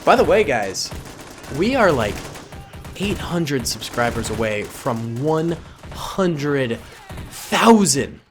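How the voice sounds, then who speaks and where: A man in his twenties giving excitable, goofy, chatty commentary over a battle simulation game. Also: mid-range voice, takes it slowly, soft background music. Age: 20s. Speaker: gaming YouTuber. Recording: gunfire and battle noise under voice. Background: game gunfire and explosions.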